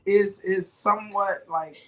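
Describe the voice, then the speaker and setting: A man hosting a casual panel chat with lively, preacher-like enthusiasm. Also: high-pitched, unhurried. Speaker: host.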